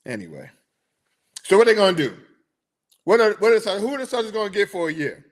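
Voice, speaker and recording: A young man hosting a sports podcast, chatting in a rambling, animated way and answering his listeners. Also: high voice, brisk. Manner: rambling, animated, talks to chat viewers. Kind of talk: casual chat.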